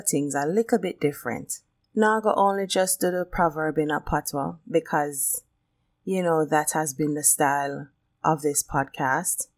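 A woman from Jamaica with a Jamaican accent hosting a solo podcast, talking casually and lively and slipping into patois. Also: deep voice. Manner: lively, switches into patois, laughs often. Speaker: podcast host.

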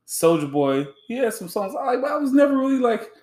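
A man's voice: extremely high pitch, big pitch swings, fairly quick, a little mellow. A man co-hosting a podcast in casual chat, blunt and teasing in his banter. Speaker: podcast co-host. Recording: echoey room.

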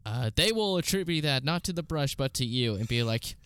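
A man co-hosting a casual chat, rambling with lots of fillers and deadpan asides. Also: mid-range voice, fairly quick, smooth, dry recording. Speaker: podcast co-host.

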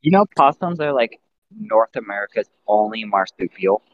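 Animated man in his thirties, podcast co-host. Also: normal speed, no echo, muffled recording. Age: 30s. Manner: animated, jokey, slips into high-pitched impressions. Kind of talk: casual podcast chat.

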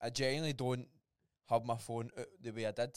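A young man with a Scottish accent, co-hosting a podcast in an animated, sweary way. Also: mid-range voice, fairly quick, clear, resonant tone, dry recording, studio quality. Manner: animated, sweary, repeats words. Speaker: podcast co-host. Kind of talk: casual chat.

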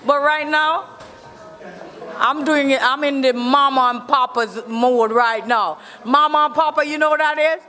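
A Jamaican woman answers questions in a loud, teasing, boastful way. Her voice sits high and bright. A long reverb trails each word. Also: measured pace, soft background music. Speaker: interviewee. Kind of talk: casual interview talk.

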